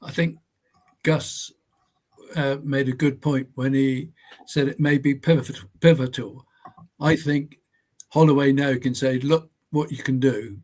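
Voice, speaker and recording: A man giving measured opinions as a pundit on a casual fan talk show. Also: medium pitch, darkish tone.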